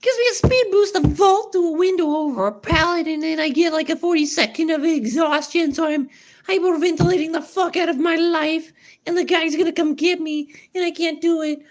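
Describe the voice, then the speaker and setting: A woman chatting casually on a stream with quick, playful commentary and some swearing. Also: very high voice. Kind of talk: casual chat and game commentary.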